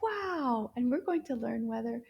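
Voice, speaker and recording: A woman teaching French to young children, slow and animated, gasping with delight and drawing out her words. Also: fairly high pitch, vocal fry, muffled recording. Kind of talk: children's language lesson.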